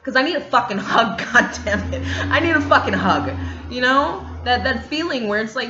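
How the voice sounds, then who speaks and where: A woman's voice: a little high, lively intonation, normal speed, sharp tone. A woman vlogging candidly about single parenthood, blunt, swearing freely and speaking with emphasis. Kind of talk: candid casual monologue. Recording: echoey room, dull lo-fi sound, faint music.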